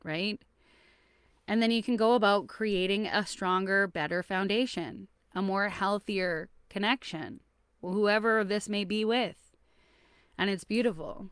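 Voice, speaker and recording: Lively woman giving relationship advice. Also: mid-range voice, moderate pace, clear, resonant tone, no room sound, clean studio sound. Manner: lively, laughs often, acts out little scenes. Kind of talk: casual advice talk to camera.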